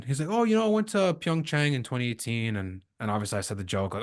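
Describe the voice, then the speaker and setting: A man from Canada hosting a podcast, telling lively stories in a casual chat and acting out the lines of the people in them. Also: medium pitch, fast talker, few pauses. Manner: lively storyteller acting out quoted dialogue. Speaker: podcast host.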